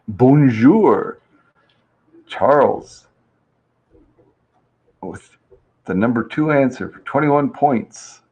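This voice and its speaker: A man's voice: mid-range voice, expressive, extremely slow, pauses often, slightly rough, muffled recording. A man hosting a casual live-stream survey game, chatty and reading viewers' answers aloud with easy laughs. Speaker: livestream host running a survey game.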